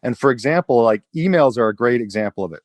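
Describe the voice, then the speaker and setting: A man's voice: medium pitch, animated, fast, no echo. Podcast host guy, emphatic, trips over his words a bit, dry sound. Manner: emphatic, repeats words when starting. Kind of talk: casual chat.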